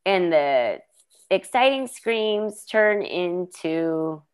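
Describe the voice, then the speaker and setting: A woman's voice: fairly low pitch, animated, drawn-out words, smooth. A woman co-hosting a casual chat show, animatedly retelling TV scenes and acting out characters' lines. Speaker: podcast co-host. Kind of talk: casual chat recapping a TV episode.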